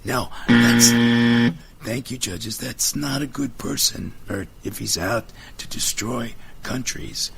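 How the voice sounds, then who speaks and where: A man's voice: medium pitch, unhurried, creaky, hardly any pauses, fairly bright tone, husky. A man with a Brooklyn accent hosting a talk radio show, punchy and emphatic as he runs through lists. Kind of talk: casual talk radio banter.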